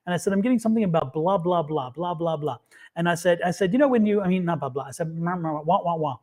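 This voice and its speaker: A man in casual chat, telling an animated story and acting out what people said. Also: high-pitched. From United States. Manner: animated storyteller, acts out quotes. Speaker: psychic reader and co-host.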